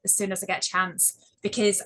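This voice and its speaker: A woman's voice: mid-range voice, little pitch movement, fairly quick, a little hiss or hum, low-quality recording. A woman hosting a casual chat, speaking affectionately about spiritual matters. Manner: warm-spoken, affectionate, spiritual talk. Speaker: host.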